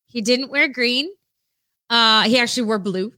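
A woman with a bright, rather high voice, chatting casually and teasingly with her co-host. She laughs easily. The sound is dry and close. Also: normal speed, dry recording. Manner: playful, giggly, teasing. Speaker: podcast co-host. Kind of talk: casual chat.

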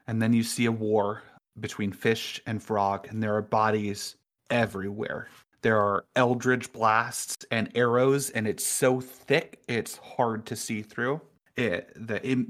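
A man narrating a tabletop game as game master in a slow, descriptive manner. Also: fairly low pitch, steady tone.

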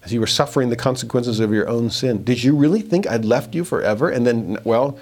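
A man teaching a verse-by-verse scripture lesson, reading passages slowly and then paraphrasing them with rising emphasis. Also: medium pitch, a little mellow.

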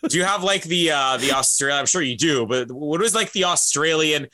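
Male co-host, higher bright tone, wry and chatty, lots of "uh" and "like". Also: lively intonation, fairly quick. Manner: wry, explains at length with fillers. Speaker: podcast co-host. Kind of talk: casual chat.

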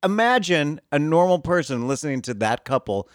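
A man's voice: a little high, sing-song, normal speed, clear, resonant tone, no echo, studio quality. A man chatting on a comedy podcast, incredulous and exasperated, stammering and acting out other people's voices.

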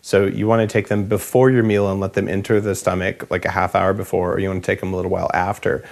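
A man hosting a health interview, talking in a relaxed, rambling, jokey way. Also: low voice, quick pace, creaky. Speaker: podcast host. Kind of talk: casual interview chat.

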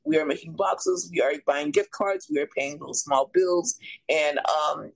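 A woman's voice: sits low, a little slow, vocal fry, rough recording. A woman hosting a podcast, blunt and playful in casual chat. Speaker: podcast host.

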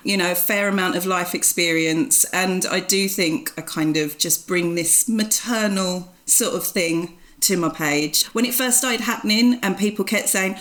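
A woman's voice: on the low side, measured pace, hardly any pauses, a bit bright. A woman in her forties with an Essex accent, a podcast guest talking in a frank, plain-spoken way and laughing easily. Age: 40s. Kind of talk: casual chat.

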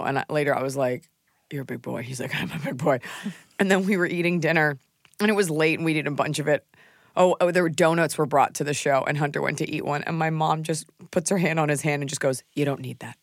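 A woman's voice: sits low, fairly even intonation, fast talker, dry recording, studio quality. A woman comedian hosting a podcast, chatting and joking while snacking at the microphone. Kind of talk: casual podcast chat. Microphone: studio microphone.

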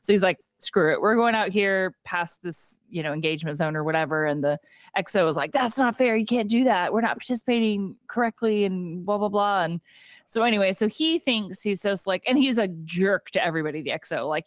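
A woman co-hosting a casual movie podcast, retelling scenes and acting out the lines in quick voices. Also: on the low side, expressive, no room sound, clean studio sound. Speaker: podcast co-host. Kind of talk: casual movie recap chat.

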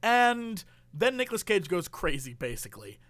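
A man's voice: high-pitched, moderate pace, no room sound. A man in casual chat, animatedly retelling a movie plot and acting out the characters' lines. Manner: animated storyteller, acts out quotes.

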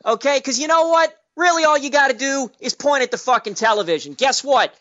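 Fired-up guy cussing nonstop on a sports call-in, high bright voice, kinda muffled lo-fi sound. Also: expressive, brisk. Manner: profane, combative, repetitive ranting. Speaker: caller. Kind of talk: angry sports radio rant. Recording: dull lo-fi radio audio.

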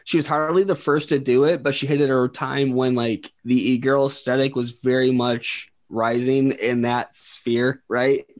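A man's voice: medium pitch, steady tone, normal speed, few pauses. Male podcast host, casual, filler-heavy, laughs at his own lines. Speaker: podcast host presenting the topic.

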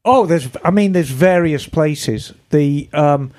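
A chatty woman co-host talks in a loose, easygoing way. She reads listener emails aloud in a relaxed, conversational tone and drops the odd casual swear word. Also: low-pitched, slow pace. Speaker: podcast co-host.

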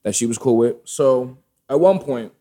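A man casually telling a personal story, candid and animated, acting out the dialogue. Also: mid-range voice, normal speed. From Brooklyn, New York family roots.

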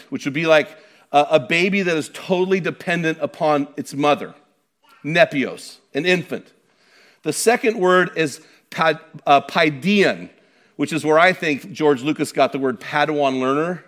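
A middle-aged male pastor delivers a sermon with a slightly raised pitch. He talks in an emphatic, conversational way, pressing his points home and checking in with rhetorical questions.

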